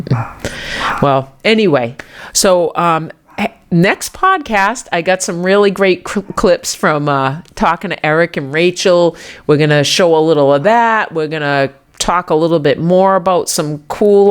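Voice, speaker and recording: A woman in her fifties hosting her own podcast, rambling heartfelt and halting about faith, often restarting her sentences. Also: sits low. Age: 50s. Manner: religious encouragement. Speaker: podcast host. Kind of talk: reflective faith-centered monologue. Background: dog barking at times.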